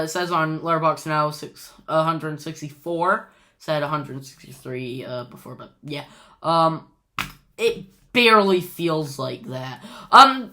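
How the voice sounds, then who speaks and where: A woman vlogs her thoughts on a movie in a bright, sharp voice. She talks slowly and loosely, full of "um"s and restarts, bursting into gushing praise. It sounds like an unscripted, casual chat to the camera. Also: on the low side. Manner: gushing and rambling, with many fillers and restarts. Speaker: movie review vlogger.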